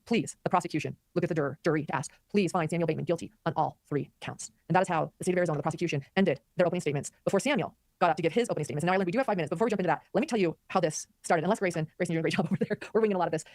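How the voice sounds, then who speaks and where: A woman hosting a live commentary stream, talking quickly and animatedly and reading viewer comments aloud. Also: fairly low pitch, darkish tone, dry recording, clean studio sound. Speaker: commentary host.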